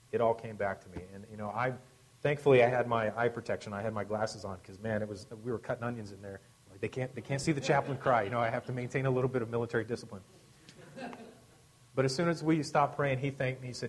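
A man who serves as a military chaplain, telling a personal story conversationally, with wry humor and a voice that drops to a hush at emotional moments. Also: mid-range voice, poor audio. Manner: wry, self-deprecating humor.

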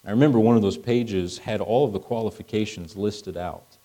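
A man's voice: lowish voice, a little fast, mellow, low-quality recording. A middle-aged man preaching a sermon in a conversational way, acting out dialogue as he goes.

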